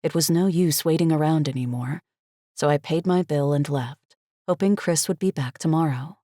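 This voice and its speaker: A woman reading a first-person thriller audiobook in a measured, steady storytelling voice. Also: low voice, no room sound, clean studio sound. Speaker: audiobook narrator.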